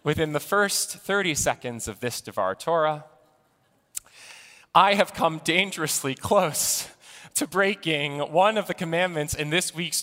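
A man giving a sermon in a deliberate storytelling manner. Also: on the high side, pushed and bright, long reverb tail. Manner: storytelling, slow and deliberate delivery. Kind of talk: sermon with an opening joke.

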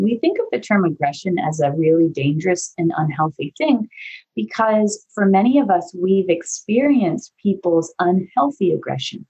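Thoughtful woman explaining gently. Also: on the low side, highs cut off. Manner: thoughtful, gently explanatory, acts out quoted voices. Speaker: trauma therapist. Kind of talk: podcast conversation.

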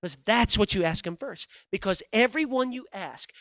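Male preacher, high and sharp-toned, dry close sound, chatty sermon storytelling, talks straight to the congregation. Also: normal speed, no echo. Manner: animated, conversational storytelling with a crowd.

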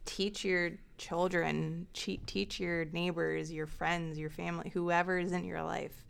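A woman co-hosting a casual Bible study podcast, her voice low and gravelly with plenty of vocal fry. She speaks hesitantly and softly, feeling her way through each answer. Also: level tone, a little slow. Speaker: podcast co-host.

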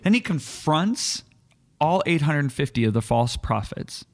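An earnest man co-hosting a faith talk show, retelling scripture with animated energy. He stumbles and restarts as he builds his points. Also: on the high side, measured pace. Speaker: co-host. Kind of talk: casual Bible teaching chat.

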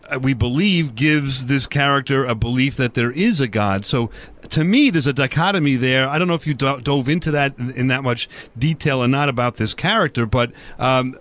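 A man interviewing a guest, asking long, halting questions and saying "right" often. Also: mid-range voice, fairly bright tone. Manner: halting, full of fillers and restarts, many "right"s. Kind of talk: conversational interview.

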